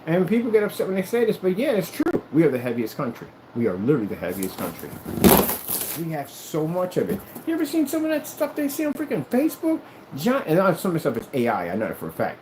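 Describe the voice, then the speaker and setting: A man's voice: high voice, wildly swooping pitch, quick pace, a little mellow, slight background noise, poor audio. A man chatting casually to camera in an emphatic, rambling way, often repeating himself. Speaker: vlogger.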